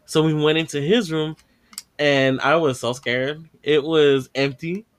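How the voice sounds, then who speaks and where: A man whose smooth voice sits on the high side hosts a podcast, speaking a little slowly in a steady tone. He tells a long, casual story, swearing freely, laughing, and acting out people's lines.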